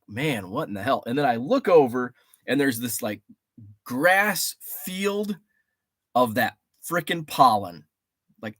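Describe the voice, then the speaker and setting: Animated rambling man hosting a livestream. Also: mid-range voice, dry recording, studio quality. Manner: rambling and animated, reading chat names aloud with greetings. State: stuffy from allergies. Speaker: livestream host. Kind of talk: casual livestream chat. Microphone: studio mic.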